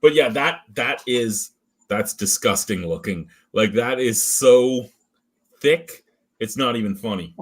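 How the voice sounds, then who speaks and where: A man's voice: medium pitch, slow pace. A man hosting a casual beer review, talking through smells and flavors with frequent swearing and jokes. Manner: profane, joking, chatty running commentary.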